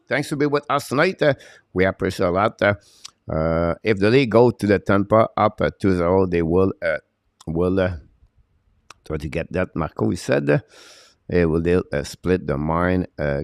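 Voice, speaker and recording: A man hosting a live hockey show, answering viewers in a halting way with many fillers and broken grammar. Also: deep voice, no room sound, studio quality.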